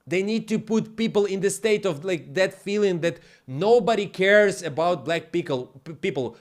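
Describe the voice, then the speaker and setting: A man on a live stream launches into a heated, profane rant, hammering his points with blunt emphasis. His voice sits a little higher than most men's, and his grammar slips in a non-native way. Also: expressive, moderate pace, few pauses. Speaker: livestream host.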